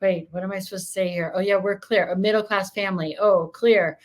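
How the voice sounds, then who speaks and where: A woman doing a confused politician who loses her thread, slow and halting, going around and around in circles. Her voice stays near her own middle pitch. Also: fairly even intonation, natural voice. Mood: mocking. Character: flustered woman politician repeating empty phrases.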